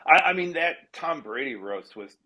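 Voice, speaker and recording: A man telling stories as a guest in a casual interview, his voice somewhat higher than most men's. He is chatty and self-deprecating, laughing often and restarting his sentences. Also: expressive, moderate pace, a crowd in the background. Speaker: comedy television writer and guest.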